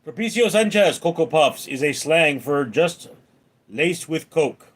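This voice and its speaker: Male streamer, up late, reads chat slowly and fires back dry quips; a fairly high voice that swings widely in pitch. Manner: deadpan quips between read-out comments. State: up late at night. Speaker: livestream host reading chat. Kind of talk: casual live-stream chat reading.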